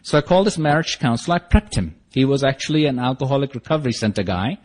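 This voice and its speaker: Telling his own story at a support meeting, a man talks fast in an expressive, mid-range voice with a darkish tone. He's wry and self-mocking and acts out the quoted dialogue.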